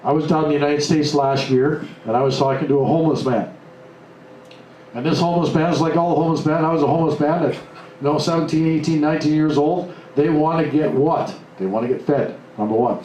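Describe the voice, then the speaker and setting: A man giving a live motivational talk to an audience, blunt and animated, acting out the lines he quotes. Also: on the high side, fast. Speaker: motivational speaker. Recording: echoey room, mic at a distance, faint noise.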